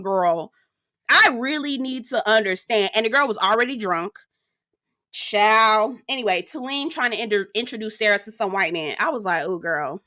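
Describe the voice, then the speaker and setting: A woman giving a sassy, slangy gossip recap of a reality show episode, animated and quick to laugh. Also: medium pitch. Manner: sassy, slangy, keeps calling listeners girl and child; animated storyteller who laughs often. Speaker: reality TV reviewer. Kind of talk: casual gossipy recap commentary.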